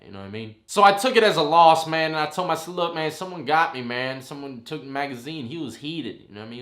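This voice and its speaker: A man in his thirties casually telling a long story, rambling and animated, full of "you know what I mean". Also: medium pitch. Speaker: vlogger telling a prison story. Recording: roomy echo.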